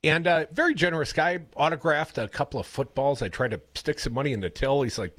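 A man with a Wisconsin accent hosting a radio show, telling rambling stories in a casual, animated way. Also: fairly high pitch, fairly quick, few pauses, husky, no room sound. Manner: chatty, rambling storyteller, animated. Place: radio studio. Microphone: studio broadcast mic.

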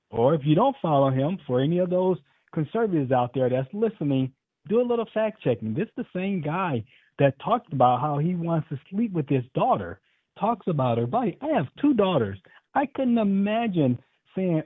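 A man calling in to a radio talk show, speaking in an animated, indignant way. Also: medium pitch, husky, no room sound. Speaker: caller. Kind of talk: call-in radio chat. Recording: tinny phone line.

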